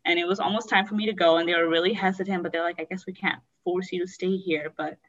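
A woman's voice: on the low side, fairly even intonation, fast talker, a bit bright, far from the mic, muffled recording. Woman telling a painful personal story. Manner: candid, rambling, many "like"s. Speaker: guest sharing her story.

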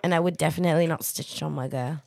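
A woman guesting on a casual podcast, loud and laughing, swearing freely and a bit tipsy from drinking. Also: low-pitched, fairly even intonation, racing, creaky, a little hiss or hum. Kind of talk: casual chat.

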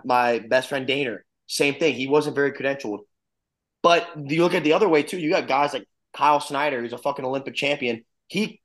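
A man's voice: mid-range voice, a bit bright. A man in his twenties from Florida, a wrestling coach talking bluntly and swearing freely in casual podcast chat. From Florida, USA. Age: 20s.

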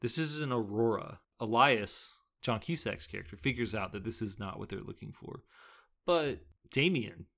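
A man's voice: fairly low pitch, lively intonation, normal speed, gravelly, a bit bright. A man co-hosting a casual movie podcast, retelling the plot and arguing his point with rising emphasis. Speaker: podcast co-host. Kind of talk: casual movie-review chat.

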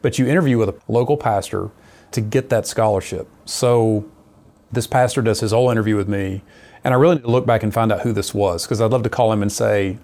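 A middle-aged man with a gravelly, fry-edged voice that sits on the low side. He recounts his calling as a missionary in an earnest, lively storytelling manner. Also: fairly quick. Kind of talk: personal testimony in conversation.

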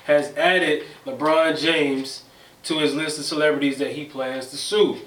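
A man's voice: on the high side, level tone, unhurried, distant mic, a crowd in the background. A man co-hosting a casual podcast chat, laid-back, chiming in with short replies and reading out news items. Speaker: co-host. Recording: echoey room, voice off-mic, faint noise.

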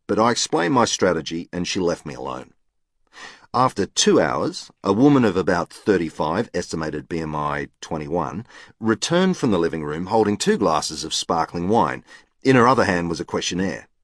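A man's voice: sits low, a bit bright, no room sound, clean studio sound. A man narrating a novel in the first person with a precise, matter-of-fact manner. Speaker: audiobook narrator.

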